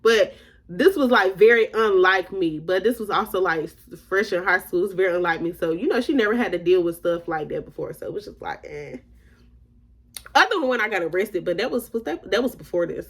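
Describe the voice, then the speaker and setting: A woman's voice: mid-range voice, a little fast, a bit bright, husky. A young adult woman telling her viewers a story in a slangy, casual storytime, often laughing as she talks. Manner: chatty and slangy, addressing viewers as y'all.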